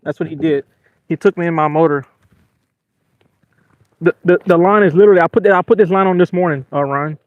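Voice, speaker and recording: A man, hosting a fishing livestream from a small boat and talking casually and excitedly to his viewers. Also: a little high, fairly quick, long pauses, no echo, phone-quality sound. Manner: excitable, venting, apologetic. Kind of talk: casual live-stream talk to viewers. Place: small boat on open water.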